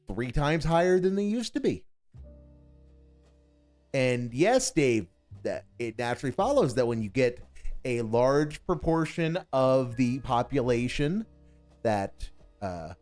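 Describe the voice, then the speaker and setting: A man's voice: mid-range voice, darkish tone. A man giving sarcastic, exasperated reaction commentary on a clip, mocking what he hears. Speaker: stream commentator.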